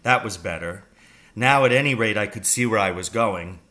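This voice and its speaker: A man reading a children's novel aloud, telling the story slowly and deliberately. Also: fairly low pitch, bright, forceful tone. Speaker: reader.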